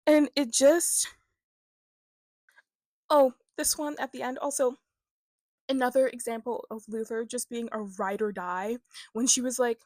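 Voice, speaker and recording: A woman's voice: a little high, fairly even intonation, measured pace, pauses often, darkish tone, no room sound, clean studio sound. A young woman giving a casual book review as a vlogger, chatty and filler-heavy, often breaking into laughs.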